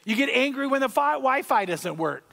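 A man delivers a sermon as pastor, his voice sitting noticeably high for a man. He talks conversationally, repeats his key lines and pushes louder to land a point. The sound carries the long ring of a large church sanctuary. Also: animated, moderate pace, creaky, big-room sound. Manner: conversational preaching, repeats key phrases, swings louder for emphasis.

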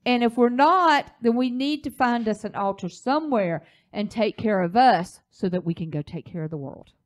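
A woman's voice: on the high side, animated, moderate pace. A woman, the pastor's wife, teaching a church leadership class in a preaching style, telling a story with emphasis.

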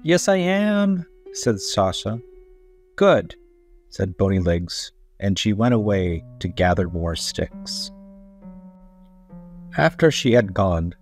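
Slow, low-voiced man reading a storybook. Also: soft background music. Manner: slow, gentle, deliberate. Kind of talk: children's read-aloud narration.

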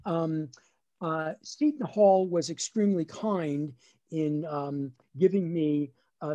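A middle-aged man with a New Jersey accent, a lawyer and comedian telling funny family stories on a webinar video call. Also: high-pitched. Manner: animated, acts out family voices. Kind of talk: storytelling stand-up on a webinar.

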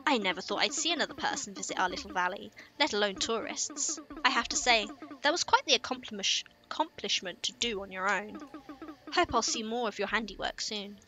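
A woman's voice: mid-range voice, lively intonation, brisk. A woman voicing a chatty, kindly old woman who keeps the woods, reading game dialogue aloud. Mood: admiring. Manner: chatty, gently welcoming.

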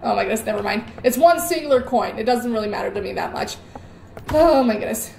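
A woman's voice: a little high, animated, fast, creaky, a little mellow. A young woman giving jittery, rambling commentary on a horror game and repeating words in nervous bursts. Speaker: gaming YouTuber. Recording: echoey room with faint noise.

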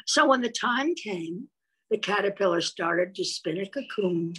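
A woman reading a picture book aloud to young children, expressive and stopping to ask them questions. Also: mid-range voice, slightly rough, poor audio. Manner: expressive, pauses to ask little listeners questions. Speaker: storyteller for children.

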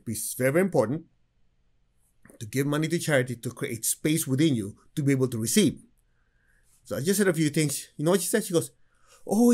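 A man teaching a spiritual class, telling stories with humor and acting out the people he quotes. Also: medium pitch. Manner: animated storyteller who acts out quoted people. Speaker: meditation teacher.

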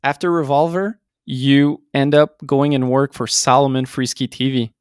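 A man's voice: medium pitch, fairly even intonation, normal speed, smooth, no echo, studio quality. A male podcast host asking short, conversational questions. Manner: brief, conversational prompts. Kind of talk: interview questions.

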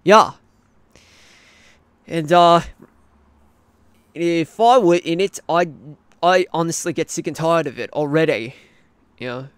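A rambling Australian cartoon man, as a hobby voice actor puts him on, who pads every thought with fillers and restarts. His voice sits a little high for a man, smooth and clear, and dry with almost no room sound. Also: slow pace, long pauses, no echo. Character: rambling male cartoon interviewee, adult.

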